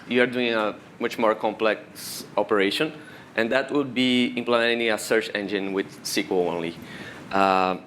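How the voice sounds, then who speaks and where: A Brazilian man, a native Portuguese speaker with a Brazilian accent, gives a technical conference talk in a conference room. His mid-range voice steadily explains how things work, step by step. There's slight background noise.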